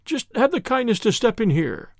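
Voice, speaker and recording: A man's voice: very animated, normal speed, creaky, dry recording, studio quality, heavily acted. A man voicing a fat, frightened middle-aged man with a reedy, quivering, nervous voice. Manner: nervous, pleading, high-strung.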